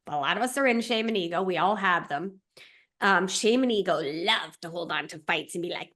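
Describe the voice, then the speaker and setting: A woman's voice: on the low side, animated, fairly quick, a bit bright. A woman who works as a relationship coach, speaking in a conversational podcast style and explaining ideas reflectively through everyday examples and checklists.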